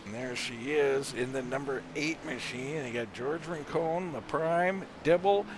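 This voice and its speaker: A man calling a live sim race play-by-play, energetic and rattling off driver names quickly. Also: medium pitch, noisy background. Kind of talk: live sim racing commentary.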